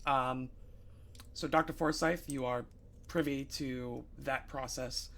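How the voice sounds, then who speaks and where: A man narrating a tabletop game as game master, halting with many fillers. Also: medium pitch, steady tone, creaky, a bit bright, a little hiss or hum.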